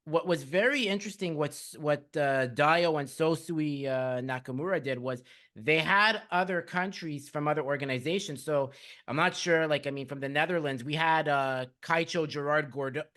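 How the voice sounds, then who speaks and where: A man hosting a podcast interview, telling stories in an excited, rambling way full of restarts and fillers. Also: fairly high pitch, moderate pace. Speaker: podcast host. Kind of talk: casual conversational interview.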